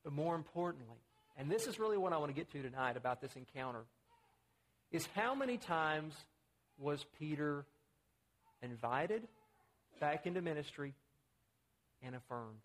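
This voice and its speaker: Husky-voiced preacher man. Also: expressive, normal speed, pauses often. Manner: conversational, acts out quotes with rising pitch. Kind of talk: sermon.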